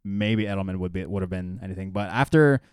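A man with a low-pitched, smooth voice rambles through a casual sports chat, stopping and restarting his sentences. He sounds close to the mic in a dry room. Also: quick pace, no echo. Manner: loose and rambling, many fillers and restarts. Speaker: podcast co-host. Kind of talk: casual fantasy football chat.

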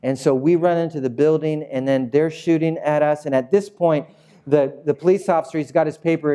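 A man's voice: on the high side, steady tone, quick pace, dark tone. A middle-aged male pastor preaching a sermon, telling a story and acting out the voices of the people in it.

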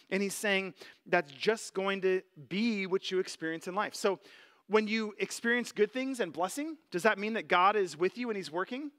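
A pastor delivers a sermon in an easygoing, earnest tone, with filler words scattered through his speech. His voice sits high and sounds bright. The sound rings with a long reverb, as if recorded in a large church hall. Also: moderate pace. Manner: conversational, earnest, many "like" fillers.

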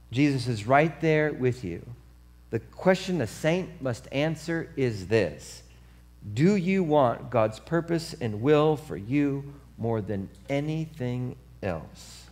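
A man preaching a sermon as pastor, telling a story with lively acted-out voices, then turning quiet and earnest. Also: mid-range voice. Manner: animated storytelling, acts out voices; drops to soft earnest tone for the appeal.

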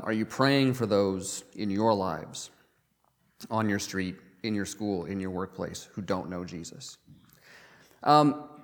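A man preaching a sermon in a conversational way, often pausing with um and uh and repeating words as he goes. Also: on the low side, big-room sound. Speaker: pastor.

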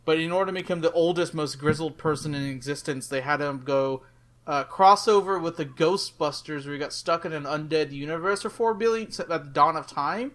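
Male podcast co-host; slightly raised pitch, rambling, filler-heavy casual chat. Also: a little fast, fairly bright tone. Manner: rambling, filler-heavy, enthusiastic about comics.

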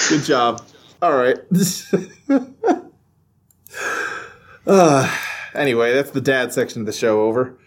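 A man's voice: medium pitch, lively intonation, very slow, pauses often. A man hosting a podcast in casual chat, joking and rambling with lots of fillers. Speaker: podcast host.

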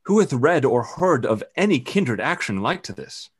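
A man playing an admiring nobleman in a classical stage drama, with measured declamation. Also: mid-range voice, very animated, breathy edge.

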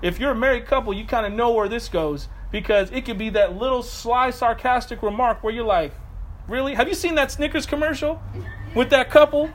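A man with a notably high voice delivers a sermon outdoors, talking in a loose, conversational way with quick asides and self-corrections. There is faint noise in the background. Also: fairly bright tone, rough recording. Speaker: preacher.

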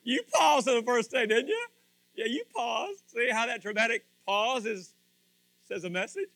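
A man's voice: very high voice, big pitch swings, moderate pace, gravelly, bright, forceful tone, dry recording. A man preaching a sermon to his congregation in a playful way, speaking to people directly by name. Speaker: pastor. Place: church before a congregation.

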